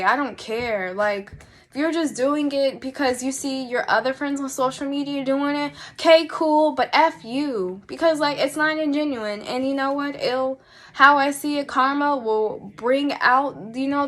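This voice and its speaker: A woman's voice: high voice, fairly bright tone. A young woman vlogging her opinions in a blunt, exasperated way, repeating her points for emphasis. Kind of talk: casual opinion vlog.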